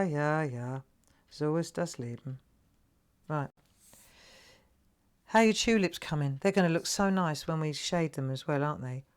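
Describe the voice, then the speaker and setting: A woman in her sixties with a South London accent, chatting and laughing as host of a live craft stream, often tagging her sentences with "right?". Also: low-pitched. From England. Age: 60s. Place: home craft room.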